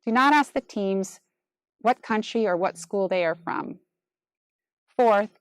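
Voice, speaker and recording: A woman delivers a scripted training narration in a measured, formal manner, her voice sitting at an ordinary middle pitch. The recording is close and dry, with no room sound around her. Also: dry recording. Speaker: instructor for competition judges.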